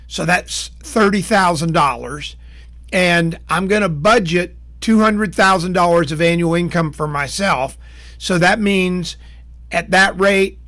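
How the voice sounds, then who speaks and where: A man's voice: sits high, fairly bright tone. A man teaching sales in a plain-spoken, folksy way, walking through steps and acting out short exchanges. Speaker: sales trainer. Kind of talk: instructional talk to camera.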